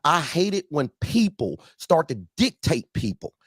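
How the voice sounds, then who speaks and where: A man's voice: fairly high pitch, very animated, unhurried, fairly bright tone, slightly rough, no room sound, clean studio sound. A man ranting angrily on a talk show, swearing constantly and repeating himself as he gets heated. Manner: angry, swearing, repetitive outbursts. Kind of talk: heated profane rant.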